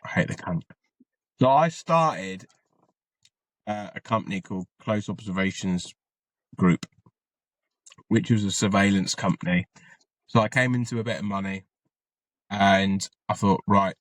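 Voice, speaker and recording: A man's voice: on the low side, a little slow, long pauses, no room sound. A man, an army veteran and podcast guest, telling his story in a rambling, casual way and swearing freely.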